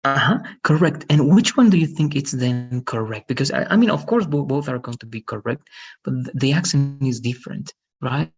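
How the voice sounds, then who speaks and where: A man's voice: mid-range voice, animated, moderate pace, highs cut off. A man teaching an online English lesson, patiently explaining and often checking with "right?". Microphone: video call.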